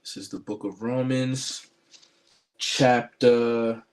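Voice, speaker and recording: A man's voice: medium pitch, steady tone, slow pace, darkish tone. A man giving a spiritual commentary sermon to his online viewers, preaching emphatically with many fillers and restarts.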